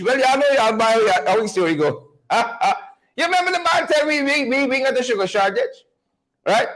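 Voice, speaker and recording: Loud, sarcastic man hosting commentary. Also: extremely high pitch, rough recording. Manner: loud, sarcastic, laughing asides. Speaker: host. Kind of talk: mocking political commentary.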